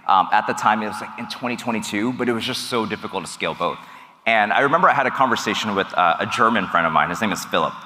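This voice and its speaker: A man giving an energetic seminar talk to a live audience as a business coach, often asking the crowd questions. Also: lowish voice, quick pace. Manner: animated, asks the crowd questions. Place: event hall with a live audience. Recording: long hall reverb.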